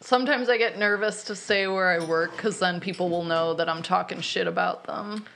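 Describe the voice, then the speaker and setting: A woman's voice: lowish voice, normal speed, vocal fry, a bit bright, a little hiss or hum. Giggly woman podcast host. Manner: giggly, laughs often, loose and chatty. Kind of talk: casual chat interview.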